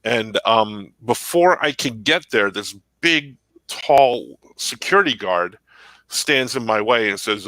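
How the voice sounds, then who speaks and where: A man's voice: mid-range voice, expressive, moderate pace, bright, forceful tone, no echo, low-quality recording. A man co-hosting a podcast, telling a long rambling story in casual chat. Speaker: podcast co-host.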